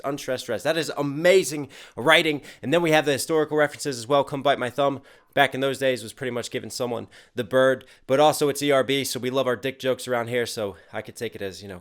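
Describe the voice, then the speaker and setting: Hyped man hosting a music reaction. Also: medium pitch. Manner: hyped, animated, breaks down lyrics line by line. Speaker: rapper and reaction host. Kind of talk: casual reaction commentary.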